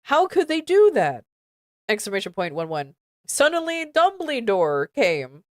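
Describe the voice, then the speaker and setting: A woman's voice: fairly high pitch, sing-song, measured pace, no room sound, clean studio sound. A woman streamer reading a badly written fan fiction aloud, stumbling over misspellings and breaking off into exasperated asides.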